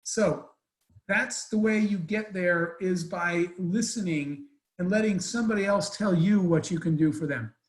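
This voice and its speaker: A man's voice: high voice, a little slow, echoey room, low-quality recording. A man telling an emotional story as a guest speaker in an online Q&A, earnest and rambling with restarts, over a video call.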